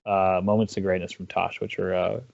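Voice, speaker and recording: A man's voice: deep voice, little pitch movement, moderate pace, creaky, a little mellow, dry recording, dull audio. A man chatting casually as an interview guest, rambling with lots of restarts and self-deprecating asides. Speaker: guest caster.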